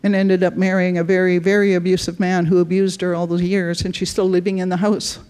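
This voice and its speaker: A woman's voice: lowish voice, flat delivery, a little fast, darkish tone, clear, resonant tone. A woman giving a conference talk, telling client stories earnestly in short phrases. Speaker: conference speaker.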